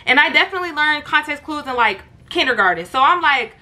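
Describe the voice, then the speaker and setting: A young woman vlogger telling a storytime in an animated, slangy way, talking straight to her viewers. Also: sits high, quick pace. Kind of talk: storytime vlog.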